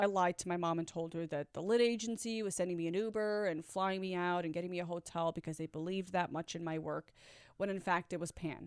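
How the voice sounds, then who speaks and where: Woman vlogger, candid storyteller, blunt and conversational, smooth voice, dry close sound. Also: fairly low pitch, steady tone, fairly quick, no room sound. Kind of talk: personal storytelling.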